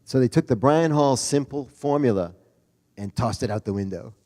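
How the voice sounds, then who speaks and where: Man, mid-pitched, folksy and jokey conference speaker, long hall reverb. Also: normal speed, warm tone. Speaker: Rotary district leader giving a talk. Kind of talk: conference speech.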